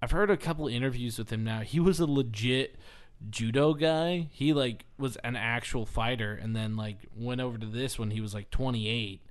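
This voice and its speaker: A man co-hosting a podcast, casually telling an animated story and laughing often. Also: medium pitch, moderate pace, smooth. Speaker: podcast co-host. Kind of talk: casual chat.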